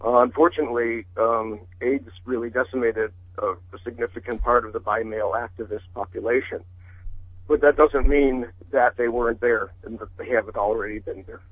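A man's voice: mid-range voice, steady tone, brisk, slightly rough, no room sound. A man calling in to a radio show, speaking hesitantly with many ums. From Connecticut, US. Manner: hesitant, full of ums while correcting. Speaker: caller. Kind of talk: call-in radio comment. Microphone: telephone. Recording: tinny dry phone line.

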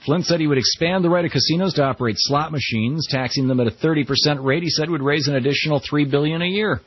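A man's voice: on the high side, quick pace, breathy edge, dry recording, dull audio. A middle-aged man hosting a radio talk show, giving wry, conversational commentary on the news. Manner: wry, conversational, quotes people in mock voices.

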